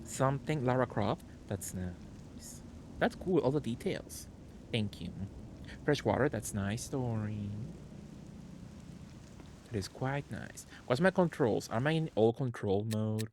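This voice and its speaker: A man's voice: medium pitch, animated, slow, pauses often, background noise. A man streaming a game live, chatting casually, greeting viewers and rambling in asides. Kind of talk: casual live gameplay commentary.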